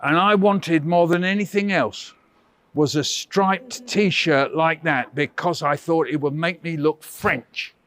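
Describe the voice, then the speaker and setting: A man visiting a hospital school classroom as a children's author, telling stories to young children in an animated, chatty and playful way. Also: fairly high pitch. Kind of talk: lively storytelling to young children.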